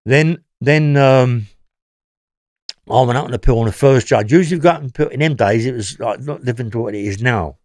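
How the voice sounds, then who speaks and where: A man's voice: mid-range voice, a little fast, a little mellow, no room sound, clean studio sound. A man with a London accent telling his story as an interview guest, rambling and often checking in with "yeah?".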